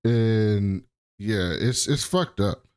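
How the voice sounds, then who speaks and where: A man co-hosting a casual podcast, recapping a TV episode in an animated, slangy way. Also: on the low side, extremely slow, smooth. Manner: animated, acts out characters, slangy. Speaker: podcast co-host.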